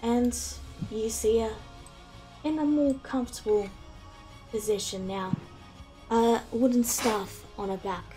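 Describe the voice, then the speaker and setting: A woman's voice: on the high side, fairly even intonation, slow, pauses often, mellow, faint music behind, rough recording. A woman running a tabletop game as game master, narrating scenes and guiding players.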